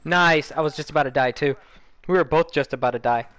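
A young adult man streams a shooter game, chatting casually, joking with his friends and passing along what they say. His fairly high voice runs a little fast and a bit bright, with slight background noise.

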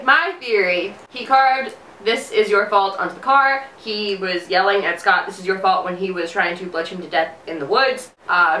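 A young woman in a casual fan recap, gushing and excitable. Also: mid-range voice, distant mic, slight background noise. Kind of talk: casual chat. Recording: echoey room, a bit off-mic.

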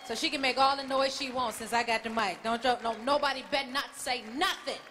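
A woman's voice: high voice, fairly even intonation, brisk, sharp tone. A middle-aged woman minister addressing a congregation in a playful call-and-response style. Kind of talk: lively church address to congregation. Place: large church sanctuary. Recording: echoey hall, congregation noise.

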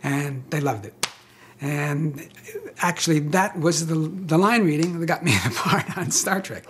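A man's voice: on the high side, unhurried. Older guy telling stories in an interview, wry and dry, some hiss behind. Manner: wry, self-deprecating storyteller with soft laughs. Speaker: interviewee, actor. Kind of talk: anecdotal interview.

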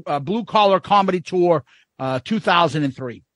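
A man's voice: high voice, lively intonation, moderate pace, fairly bright tone, dry recording, clean studio sound. A middle-aged man co-hosting a casual podcast chat. He laughs often and acts out the bits he talks about. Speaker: podcast co-host.

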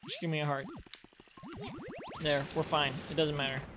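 A man hosting a let's play, commenting on the gameplay, yelling and cursing at the game, then muttering quietly. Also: a little high, fairly even intonation, normal speed, background noise.

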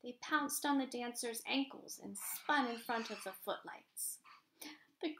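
A woman reading a children's picture book aloud, in a gentle, expressive storytelling manner. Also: on the high side, measured pace, a little hiss or hum. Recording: roomy echo.

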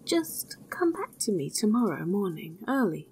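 A woman's voice: medium pitch, very animated, unhurried, darkish tone, a little hiss or hum. A woman voicing a fearless, naive young man who speaks plainly and earnestly in a storybook reading.

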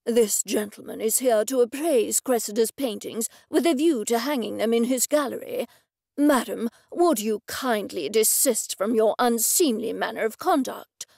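A woman's voice: on the high side, moderate pace, gravelly, a little mellow, dry recording, studio quality. A woman voicing a pompous, formal man who speaks with stiff, old-fashioned politeness. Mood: haughty. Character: pompous, formal male companion.

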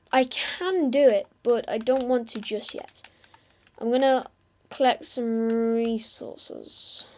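A woman's voice: a little high, darkish tone. A woman giving casual gameplay commentary, playfully talking to and teasing her game animals. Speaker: gamer.

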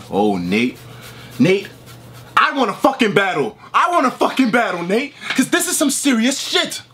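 A man's voice: high-pitched, big pitch swings, a little slow, long pauses, bright, forceful tone, a little hiss or hum. A man giving a heated, profane reaction rant, reading messages aloud and snapping back at them. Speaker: online streamer.

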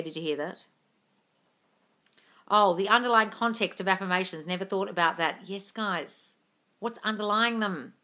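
A woman with a sharp, medium-pitched voice reads comments aloud on a casual phone livestream from home, her cat with her. She answers viewer questions, swears freely and addresses everyone as darling.

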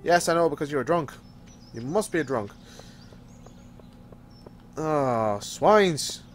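A man's voice: fairly high pitch, lively intonation, takes it slowly, faint music behind. A man giving casual gameplay commentary, exasperated and theatrical, grumbling and throwing mock insults.

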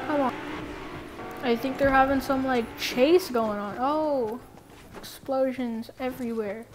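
Woman, high pitched, playful gameplay commentary, excitable, loud game noise behind. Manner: excitable, quick exclamations. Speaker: gaming video creator.

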